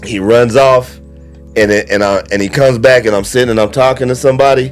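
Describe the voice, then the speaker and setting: A man casually telling funny stories in a relaxed chat, acting out the quoted lines. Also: mid-range voice, a little fast, soft background music. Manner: animated storyteller, acts out quoted lines. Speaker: guest comedian.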